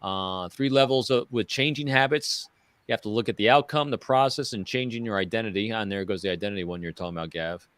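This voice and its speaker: A man co-hosting a casual panel chat, quickly running through points from his notes. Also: fairly low pitch, fairly bright tone, smooth, dry recording. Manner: quick, list-like, reading notes. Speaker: podcast co-host.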